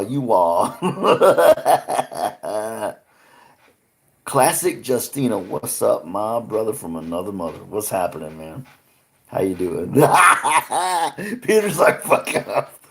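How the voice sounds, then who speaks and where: In a casual livestream, a male host chats loosely with viewers, laughing a lot and swearing freely. His voice sits on the low side, sing-song and slow, with vocal fry.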